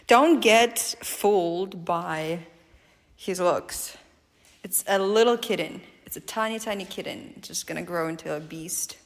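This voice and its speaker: A woman chatting casually in a vlog, talking to her pet in a soft, doting voice with hushed asides. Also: medium pitch. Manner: soft, doting baby-talk with frequent laughs and hushed asides. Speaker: vlogger.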